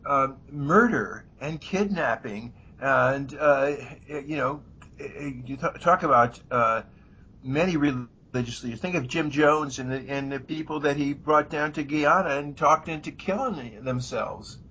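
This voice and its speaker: An older man co-hosting a radio interview, speaking hesitantly with many fillers and a husky voice. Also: medium pitch, unhurried, sharp tone. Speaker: radio co-host. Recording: dull lo-fi radio audio.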